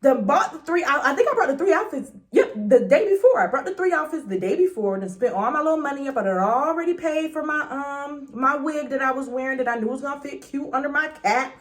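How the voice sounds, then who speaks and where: A young woman telling a dramatic story in a chatty storytime vlog, full of slang and quick swings between loud and hushed. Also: high-pitched, animated. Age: young adult. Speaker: vlogger.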